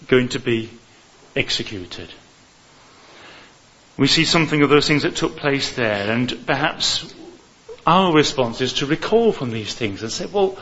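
A man preaching a sermon in an earnest, measured way, often repeating words for emphasis. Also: mid-range voice, a bit bright. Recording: slightly muffled lo-fi recording.

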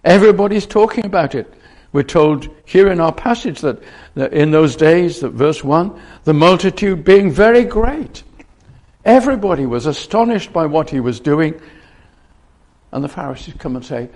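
Male preacher, gravelly, slightly high, earnest, prone to restarts. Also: expressive, normal speed, a little mellow. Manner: earnest, with frequent restarts and repeated phrases. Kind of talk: sermon.

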